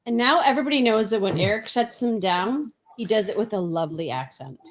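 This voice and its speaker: A woman's voice: mid-range voice, expressive, quick pace. A Canadian woman co-hosting a livestream, playful and teasing. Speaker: co-host. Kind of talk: casual livestream chat.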